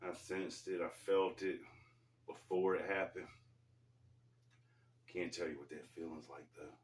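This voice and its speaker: A deep-voiced man speaks at a measured pace with fairly even intonation, casually telling a personal story in loose slang and calling his viewers "folks." He's at a gym mid-workout, recorded in a roomy space on a distant mic with slight background noise.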